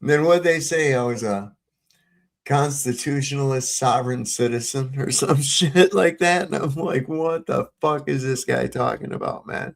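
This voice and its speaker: A man on a video-call livestream, telling stories with lots of swearing and laughter, getting loud when he retells arguments. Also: medium pitch, normal speed, gravelly. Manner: profane, storytelling, laughs often, gets heated retelling run-ins. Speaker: panel co-host. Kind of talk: casual livestream chat.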